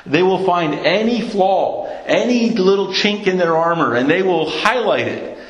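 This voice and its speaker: An earnest male preacher with a somewhat high voice delivers his sermon. He often stumbles and repeats words mid-thought. The room around him is roomy and echoing. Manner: earnest, repeats words when searching for them.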